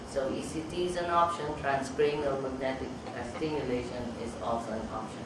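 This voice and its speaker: A man's voice: medium pitch, steady tone, a little fast, few pauses. A middle-aged man, a psychiatrist, telling stories about his patients to a meeting audience and acting out their lines. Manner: storytelling, acts out patient dialogue. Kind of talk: anecdotal talk to an audience. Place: meeting hall. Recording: echoey hall, speaker far from mic, noisy.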